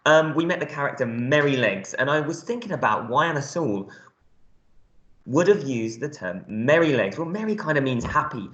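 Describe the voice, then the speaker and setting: A man's voice: medium pitch, expressive, moderate pace, fairly bright tone, reverberant, muffled recording. A male primary school teacher giving a recorded reading lesson, explaining words step by step in a friendly way with lots of ums.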